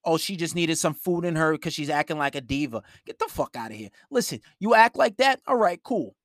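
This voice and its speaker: A man's voice: a little high, expressive, brisk, a bit bright, no room sound, studio quality. Blunt, profane man streaming live. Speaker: live streamer giving dating advice. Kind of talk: casual advice rant.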